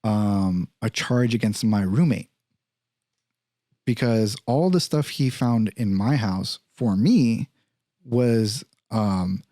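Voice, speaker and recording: In a slow, fairly low voice, a podcast host relates a story full of profanity, animatedly voicing what the other people said. The sound is clean studio quality with no room sound.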